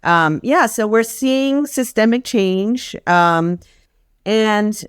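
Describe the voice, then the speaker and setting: A woman guest with a mid-range, animated voice chats casually and earnestly about a sabbatical grant program, drawing out her words as she tells stories and acts out the voices of people she quotes. Her tone is clear and resonant. The recording has studio quality with no room sound.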